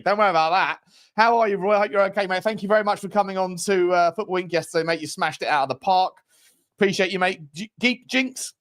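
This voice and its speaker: A man with a fairly high voice hosts a live football watchalong. He keeps the banter easygoing and upbeat, greeting viewers and reading their comments aloud in a chatty, matey tone. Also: fairly bright tone. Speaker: host of a football fan channel.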